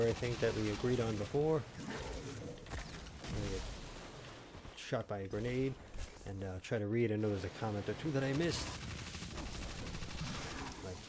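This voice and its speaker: A man's voice: lowish voice, background noise. Rambling man streaming a shooter game. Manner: rambling, jokey, shouts in bursts when mocking. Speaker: gaming streamer. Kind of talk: casual live-stream chat while playing. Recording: game gunfire audible in background. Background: game gunfire and explosions.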